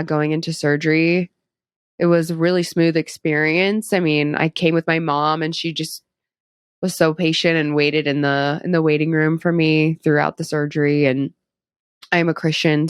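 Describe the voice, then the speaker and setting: A young woman with a low, smooth, clear voice talks as a guest in a casual interview. Her delivery is chatty and upbeat, full of "like" and "um". The sound is close and dry. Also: no room sound. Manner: chatty, upbeat, heavy use of "like" and "um". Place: cosmetic surgery clinic.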